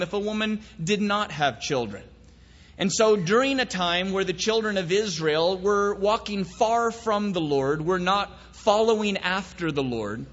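Male preacher, high pitch, folksy storyteller turned solemn; echoey, dull hall recording. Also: fairly bright tone. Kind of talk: sermon with a comic story and prayer.

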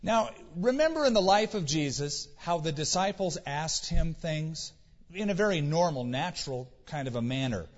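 Heard through dull audio with a long hall reverb, a pastor delivers a conversational, casual sermon and mimics quotes in mock voices. His voice is on the high side and expressive, at a moderate pace.

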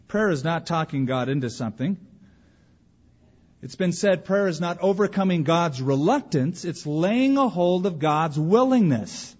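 A man's voice: fairly high pitch, lively intonation, unhurried, a little mellow. A man preaching a sermon as a pastor, telling stories and acting out the voices he quotes. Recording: dull audio with long hall reverb.

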